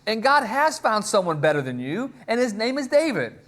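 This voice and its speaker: A man's voice: medium pitch, wildly swooping pitch, slow pace, slightly rough, full character voice. A man voicing an irritated old prophet, scolding and impatient. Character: exasperated old male prophet raised from the dead.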